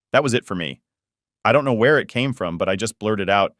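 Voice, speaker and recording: A man's voice: fairly low pitch, lively intonation, normal speed, a bit bright, no room sound, studio quality. A man narrating a first-person family story in a casual, blunt way that swears freely.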